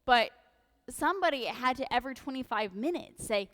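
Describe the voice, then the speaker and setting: Woman priest, bright, slightly high voice; lively, humorous sermon delivery. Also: a little fast, in a large hall. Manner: animated, jokey, sarcastic asides. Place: church sanctuary.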